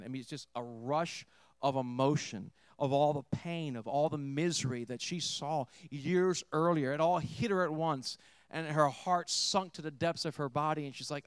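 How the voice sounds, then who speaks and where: A pastor preaching, dry and close. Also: male voice, a little high, normal speed, smooth, no room sound. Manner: storytelling, swings between hushed and emphatic. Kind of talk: sermon.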